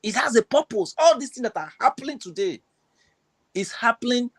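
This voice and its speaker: A man's voice: extremely high pitch, animated, moderate pace. A man giving an impassioned political speech on a panel, fervent and full of rhetorical questions. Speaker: panel guest.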